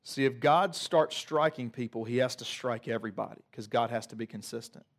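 A man preaching a sermon to a congregation, moving from quiet reflective passages to loud emphatic peaks, with humorous asides. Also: mid-range voice, fairly quick. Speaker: pastor.

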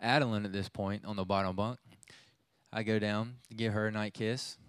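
A man's voice: lowish voice, steady tone, moderate pace, clean tone, dry recording. A youth pastor in his thirties preaching a sermon, telling a family story in a conversational way with many restarts.

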